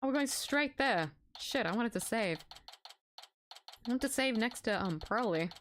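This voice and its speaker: A woman streamer giving casual gameplay commentary, excitable and giggly, swearing and squealing. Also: on the high side, unhurried, a little hiss or hum.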